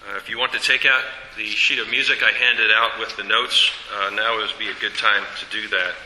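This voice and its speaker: A man teaching a class about a hymn tune, explaining in a measured way with fillers and self-corrections. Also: fairly low pitch, pushed and bright, echoey room, long reverb tail, rough recording. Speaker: teacher presenting a hymn study.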